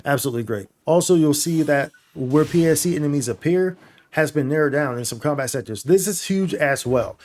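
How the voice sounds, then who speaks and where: Excitable gamer man chatting casually. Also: medium pitch. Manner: enthusiastic, casual slang, addresses viewers as y'all and bro. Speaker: gaming YouTuber. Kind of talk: excited gameplay update commentary.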